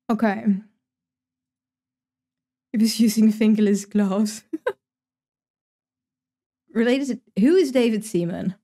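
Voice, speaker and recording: A woman's voice: mid-range voice, drawn-out words, long pauses, mellow. A young woman streaming herself playing a game, chatting casually, thinking aloud and swearing freely. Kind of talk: casual live-stream commentary while gaming.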